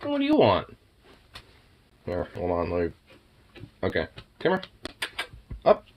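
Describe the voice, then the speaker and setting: A man's voice: low-pitched, huge pitch swings, slow, highs cut off, a little hiss or hum. A man chatting playfully with his pets at home, teasing them with mock insults and swearing, then cooing baby talk at them. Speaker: pet owner talking to his cats.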